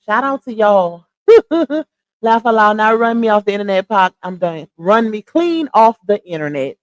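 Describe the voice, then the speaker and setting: Speaking at a normal pace with a medium-pitched, animated voice, a livestream host chats casually with her audience. She laughs frequently throughout, and there's no room sound.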